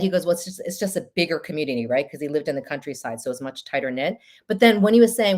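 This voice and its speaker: A woman hosting a live stream show, telling stories in a chatty, animated way. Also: medium pitch, quick pace. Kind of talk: casual live-stream chat.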